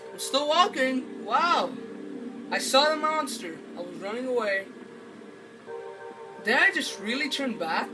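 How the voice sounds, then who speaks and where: High voiced male gamer, slow rambly playful commentary, distant mic with game music under it. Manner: playful, rambling, talks to himself. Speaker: gaming video maker. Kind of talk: gameplay commentary. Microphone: camera held by hand.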